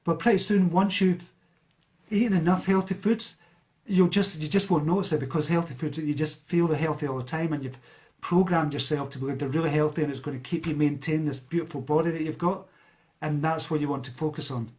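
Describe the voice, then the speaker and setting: A man's voice: fairly high pitch, steady tone, brisk, a little mellow. A Scottish man from near a large city, a self-help speaker chatting on a live stream, reading out viewer comments and answering them. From Scotland. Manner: chatty, with fillers and restarts.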